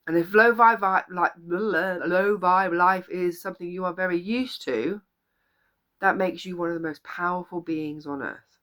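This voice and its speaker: A woman's voice: lowish voice, normal speed, fairly bright tone. A woman life coach giving an earnest, encouraging motivational talk to the camera, repeating key phrases for emphasis. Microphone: camera or phone video.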